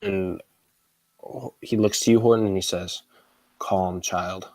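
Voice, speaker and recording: Low-voiced man running a tabletop game. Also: steady tone, darkish tone, no echo, low-quality recording. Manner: casual, halting narration. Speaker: dungeon master.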